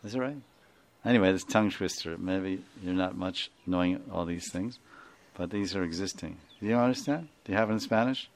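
A man's voice: low voice, brisk. A man with an Indian accent, a spiritual teacher giving an informal class, rambling, chuckling and often asking his listeners to confirm.

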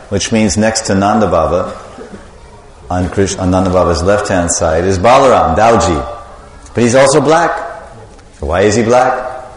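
A man preaching a sermon, animatedly telling a devotional story and quizzing the audience. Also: on the low side. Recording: echoey hall with long reverb.

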